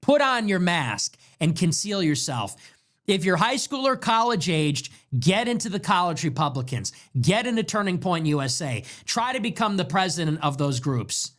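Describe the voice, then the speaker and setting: A man's voice: high-pitched, big pitch swings, moderate pace, a bit bright. A man hosting a livestream, delivering an emphatic, repetitive, commanding monologue. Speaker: political livestream host. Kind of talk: monologue commentary.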